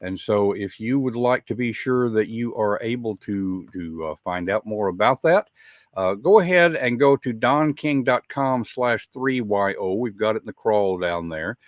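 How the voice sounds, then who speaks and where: A man's voice: lowish voice, animated, unhurried, no echo, studio quality. Folksy Southern American man hosting a show. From Southern United States. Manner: chatty, folksy, with frequent uh fillers. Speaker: podcast host. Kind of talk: live show introduction.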